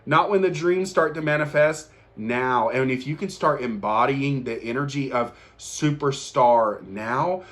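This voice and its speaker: A man's voice: mid-range voice, measured pace, few pauses, fairly bright tone. A young man hosting his own show, giving an earnest, emphatic motivational talk and repeating key lines for effect. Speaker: podcast host. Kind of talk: motivational monologue.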